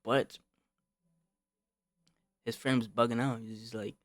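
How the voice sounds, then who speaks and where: A man's voice: medium pitch, flat delivery, unhurried, long pauses, dry recording. A young man streaming, telling a casual storytime rant full of slang and swearing, repeating himself and calling the listener bro, often rising to heated outbursts.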